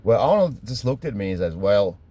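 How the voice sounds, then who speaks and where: A man's voice: medium pitch, very animated, fast, dark tone, slight background noise. A middle-aged man from Germany with a German accent, telling stories in a rambling, self-correcting way and laughing at his own memories. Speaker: fitness trainer telling stories. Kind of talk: casual storytelling monologue.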